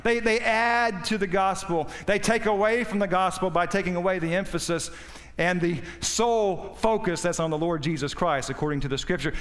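A man preaching a sermon with passion, his voice swinging between loud high peaks and low quiet stretches. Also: moderate pace, in a large hall. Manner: impassioned, rising and falling in pitch and volume.

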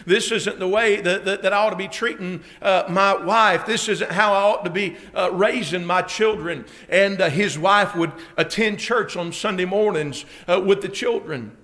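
A man preaching a sermon at a Bible conference, telling a story and building to emphatic shouts with frequent amens. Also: high voice, moderate pace, few pauses. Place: church conference hall.

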